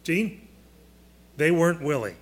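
Slow, emphatic man teaching Scripture. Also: on the high side, expressive. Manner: deliberate, emphatic, quizzes listeners. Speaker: Bible teacher. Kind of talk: Bible lesson to a class.

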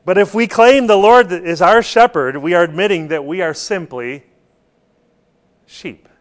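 A man's voice: high voice, unhurried. A man preaching a sermon, stressing points and putting questions to his listeners. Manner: rhetorical questions to the congregation, emphatic.

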